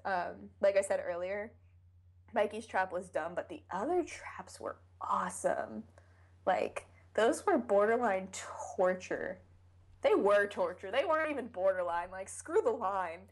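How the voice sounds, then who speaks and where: A young woman co-hosts a casual fan podcast, chatting away and acting out the scenes she describes by quoting them in animated voices. Her voice is mid-range and moves at a normal speed.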